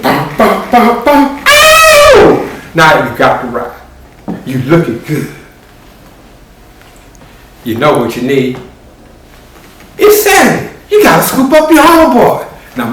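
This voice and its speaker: A man telling a story live, animated and rhythmic with spoken sound effects. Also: high-pitched, takes it slowly, pauses often, slight background noise. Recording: very echoey room, distant mic.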